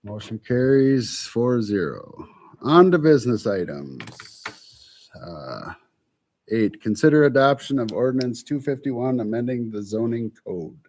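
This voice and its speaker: Brisk male acting mayor running council business, mid-range voice, procedural delivery. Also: medium pitch, animated, darkish tone. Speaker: acting mayor chairing the meeting. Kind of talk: chairing a council meeting. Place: city council chamber.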